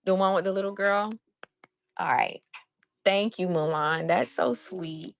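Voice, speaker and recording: A woman running a casual live stream where she sells handmade crafts. She is loud and excitable and chats with viewers in the chat. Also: mid-range voice, unhurried, vocal fry, no echo. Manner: loud, by her own word.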